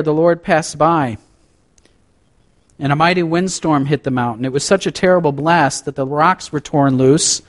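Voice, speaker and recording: A man preaching a sermon, reading scripture aloud with dramatic rises and drops and adding conversational asides. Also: fairly high pitch. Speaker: pastor.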